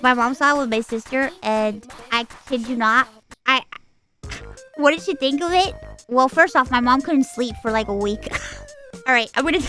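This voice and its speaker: A woman streamer telling a story in casual chat, animated and quick to slip into voices of her family. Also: sits high, soft background music.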